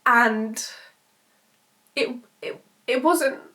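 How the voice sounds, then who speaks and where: Young girl vlogging, rambly and sweary, bright higher voice. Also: very slow. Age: 20s. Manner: rambling and emotional, swears freely, many restarts. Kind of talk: casual storytelling vlog.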